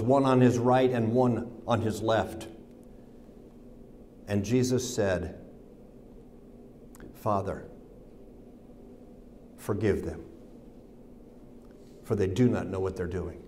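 A man with an American accent preaching a sermon, reading scripture aloud, mimicking the mockers' sneering taunts and dropping low and soft for Jesus' words. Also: slight background noise. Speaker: pastor.

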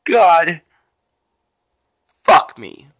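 A young man giving raging, profane commentary on his own gameplay as a YouTuber, yelling and cursing in frustration. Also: fairly high pitch, sing-song, drawn-out words, heavy background noise. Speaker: gaming YouTuber.

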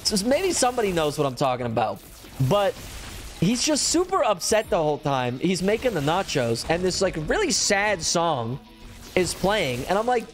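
Male gaming host, hyper live commentary, hugely animated pitch, faint game music behind. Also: normal speed. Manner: hyper and excitable, jumping from squeals to low mutters; playful self-teasing chatter. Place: at home with a cat on his lap.

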